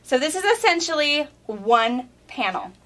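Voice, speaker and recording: A woman's voice: high-pitched, big pitch swings, measured pace, fairly bright tone. A woman running a quilt shop, chatting casually and explaining fabric prints during an unboxing. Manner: enthusiastic, explains fabric details. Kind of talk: casual chat while unboxing.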